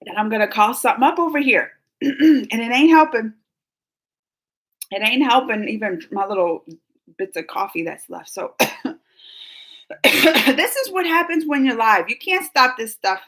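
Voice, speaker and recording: A woman hosts a relaxed livestream, reading comments and answering viewers by name. Her voice sits high and sounds bright and forward. A tickle in her throat keeps breaking in with coughs. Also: unhurried, long pauses. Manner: chatty, laughs often, talks to viewers by name. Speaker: livestream host.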